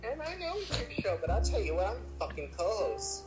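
A man co-hosting a comedy show, answering in deadpan, profane quips. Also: high-pitched, fairly quick, over music. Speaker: co-host. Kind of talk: casual comedic banter.

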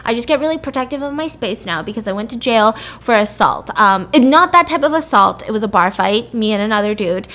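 A woman's voice: on the high side, expressive, a little fast, few pauses, a bit bright. Woman doing a sheepish, rambling guy. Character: apologetic young man, blunt neighbor.

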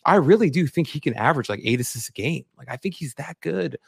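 A man co-hosting a sports podcast, talking in an excitable, rambling way with lots of "like" and "bro". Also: fairly high pitch, fast talker, vocal fry, breathy edge, no echo, clean studio sound. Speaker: podcast co-host. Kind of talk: casual sports podcast chat.

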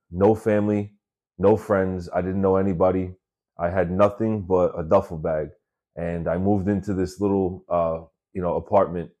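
A man's voice: deep voice, warm tone. A man hosting his own podcast, telling stories from his work week in a laid-back, chatty way and swearing freely. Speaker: podcast host. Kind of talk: casual storytelling monologue. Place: working in New York City.

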